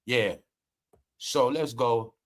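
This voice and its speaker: A man hosting casual celebrity gossip commentary, animated and laughing, retelling jokes in quoted voices. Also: mid-range voice, drawn-out words. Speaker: commentary host.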